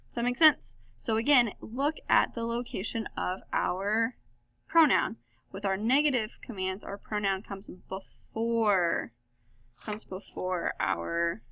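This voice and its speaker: A woman's voice: mid-range voice, pushed and bright, no echo. A woman explaining grammar step by step in a recorded lesson, correcting herself with fillers as she goes. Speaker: Spanish teacher.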